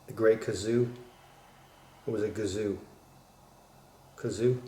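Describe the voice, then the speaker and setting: A man's voice: on the low side, fairly even intonation, takes it slowly, dark tone. A man chatting casually and cracking jokes while he works on a repair at his kitchen counter. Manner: rambling, joking asides. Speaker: electronics restorer. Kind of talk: casual chat while working. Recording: echoey room, faint background hum.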